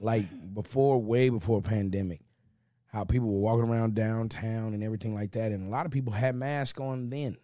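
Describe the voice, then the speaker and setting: A young man co-hosting a podcast, telling stories in loose casual banter and slipping into quick impressions. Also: fairly low pitch, warm tone, no echo, studio quality. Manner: loose storytelling, jumps into impressions. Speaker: podcast co-host.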